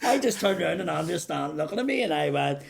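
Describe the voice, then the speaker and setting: A man's voice: on the high side, sing-song, fast talker, gravelly, over a noisy crowd. A man in his forties, a comedian, telling swearing, laughing stories in casual banter with friends. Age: 40s. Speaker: comedian, podcast host.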